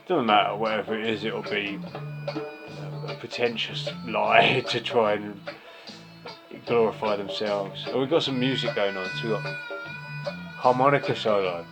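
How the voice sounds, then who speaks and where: A man's voice: fairly low pitch, fairly even intonation, moderate pace, long pauses. A man giving a ranting monologue review of a record, angry, profane and sarcastic. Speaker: music reviewer. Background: faint music from the record being reviewed.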